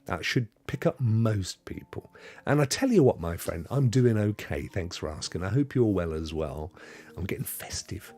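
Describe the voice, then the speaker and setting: Husky, animated man. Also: on the low side, moderate pace. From Devon, England. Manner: rambling, playful, spins tall tales. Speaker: host. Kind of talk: casual livestream chat with viewers.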